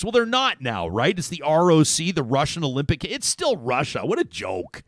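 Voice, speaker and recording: A middle-aged Canadian man hosting a talk radio show, animated and chatty, reading listener comments and laughing often. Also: fairly high pitch, moderate pace, few pauses, dry recording, clean studio sound.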